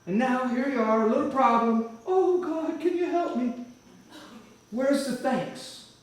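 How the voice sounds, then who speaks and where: A man's voice: very high voice, a little slow, pitched above the performer's own voice. A man putting on a mocking, scornful divine voice. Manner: sarcastic and scornful. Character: scolding, mocking male voice of God. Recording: echoey hall from far off.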